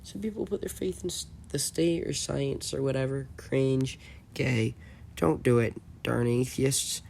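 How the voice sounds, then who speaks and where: Gravelly man mocking chat screenshots. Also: mid-range voice, fairly even intonation, measured pace, a little mellow, a little hiss or hum. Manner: mocking, rambling, self-assured. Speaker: channel host. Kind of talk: commentary voice-over on chat screenshots.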